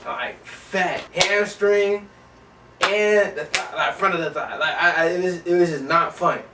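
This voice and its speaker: Brief: young man, casual slangy storyteller, slightly high voice, roomy echo, a bit off mic. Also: unhurried, far from the mic, noisy background. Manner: animated, slangy, rambling with many restarts. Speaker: vlogger.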